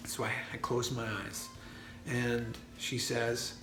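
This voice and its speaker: A man recounts a personal experience in a loose, earnest vlog monologue, often pausing on fillers and restarting his sentences. His voice carries a roomy echo, and faint music plays underneath. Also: mid-range voice. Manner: earnest, many fillers and restarts, grows excited. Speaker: vlogger. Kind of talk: personal story, casual monologue.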